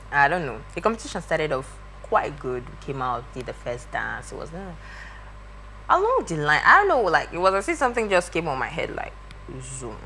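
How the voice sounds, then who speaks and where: A young woman, a guest telling a story in a lively way and acting out the voices of the people in it. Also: medium pitch, slight background noise. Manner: lively, acts out quoted voices. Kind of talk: animated storytelling.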